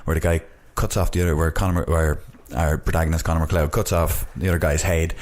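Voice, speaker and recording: A deep-voiced man recapping a film plot, stumbling and backtracking as he rushes through it. He sounds like a casual podcast co-host among friends. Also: steady tone, a little mellow. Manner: rambling, self-correcting retelling. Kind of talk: casual film-review chat.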